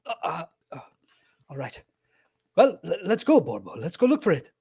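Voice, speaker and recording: A man voicing a timid old man who speaks in a soft, hesitant and formal way with a husky, breathy voice. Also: fairly high pitch, wildly swooping pitch, moderate pace, voice pushed up, exaggerated voice. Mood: nervous. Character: timid, worried old man named Salim.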